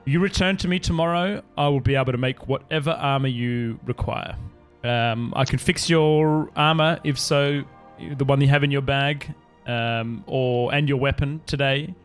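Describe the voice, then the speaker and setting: A man's voice: medium pitch, natural voice. A man voicing a weary, friendly female dwarf blacksmith in a tabletop game, chatty and a little flustered.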